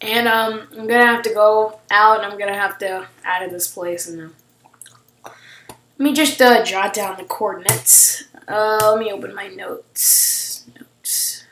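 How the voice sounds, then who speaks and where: Woman, gameplay commentary, excitable with shrieks, slow delivery, roomy echo. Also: mid-range voice, a little hiss or hum. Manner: excitable, shrieks and gasps at surprises. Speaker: gaming channel host.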